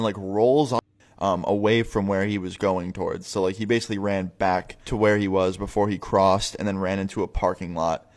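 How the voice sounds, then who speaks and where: Lowish-voiced young man telling a story. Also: fairly even intonation, normal speed, darkish tone. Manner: swearing, rambling, filler-heavy. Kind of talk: casual spoken story.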